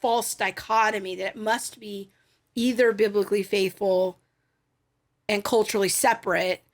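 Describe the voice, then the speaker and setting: A woman's voice: mid-range voice, steady tone, moderate pace. A middle-aged woman co-hosting a faith podcast, talking things through in a thoughtful, explanatory way with frequent fillers. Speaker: podcast co-host. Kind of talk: casual faith podcast chat.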